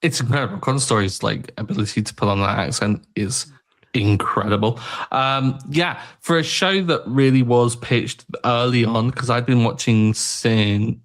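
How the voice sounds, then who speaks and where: Young male podcast co-host, relaxed and rambling, mid-range voice. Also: mid-range voice, moderate pace. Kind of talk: casual chat.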